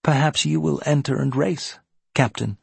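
A man's voice: a little high, normal speed, gravelly, a little mellow, husky, dry recording, voice pushed up, full character voice. A man voicing a spirited young widow in a period story, light and teasing in manner.

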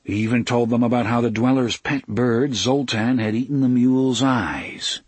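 A man reading an audiobook in a steady, even storytelling manner on a close studio mic. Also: mid-range voice, moderate pace, slightly rough, no room sound. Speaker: audiobook narrator. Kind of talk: scripted narration.

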